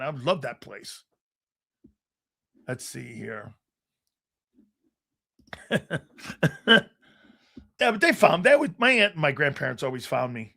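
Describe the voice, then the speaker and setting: A man hosting a live sports talk show, loud and excitable, swearing freely and breaking into shouts while he tells stories in quick bursts. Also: medium pitch, gravelly. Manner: rapid storytelling with restarts.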